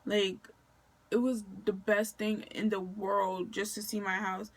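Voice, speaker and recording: A woman's voice: medium pitch, level tone, a little slow. A young woman from Maryland chats through a personal story for her vlog. She talks loosely, leaning on fillers and slang, and acts out what people said along the way. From Maryland, USA. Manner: chatty, filler-heavy, slangy retelling with quoted dialogue. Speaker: vlogger.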